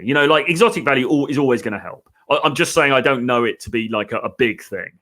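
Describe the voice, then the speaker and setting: A man's voice: mid-range voice, animated, quick pace, few pauses, bright, forceful tone. A British man hosting a live Q&A as a dating coach, reading out viewer comments and thinking aloud in a loose, chatty way. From Britain.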